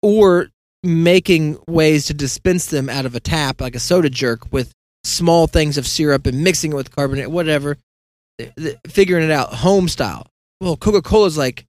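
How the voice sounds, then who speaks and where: Rambling man with a slightly high voice. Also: normal speed, a little mellow, dry recording. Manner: meandering, self-deprecating, acts out quoted dialogue. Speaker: podcast host. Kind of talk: casual rambling monologue.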